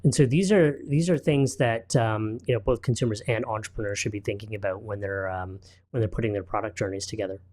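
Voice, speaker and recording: A man appearing as an entrepreneur guest on a talk show, relaxed and storytelling, with frequent fillers. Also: on the low side, fairly quick. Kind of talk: casual studio interview.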